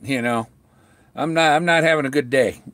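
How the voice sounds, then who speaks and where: A middle-aged man chatting on a home livestream, halting and full of restarts, talking with a sore mouth after tooth extractions. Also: mid-range voice, a bit bright, no echo, clean studio sound. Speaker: vlogger talking to live viewers. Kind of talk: rambling casual livestream chat. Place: at home, indoors.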